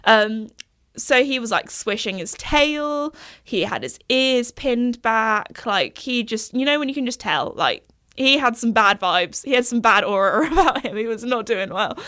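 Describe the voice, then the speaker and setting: A woman's voice: fairly high pitch, expressive, measured pace, bright, forceful tone. A young woman hosting a podcast, chatting casually in a rambling way and laughing often. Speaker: podcast host. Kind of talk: casual chat.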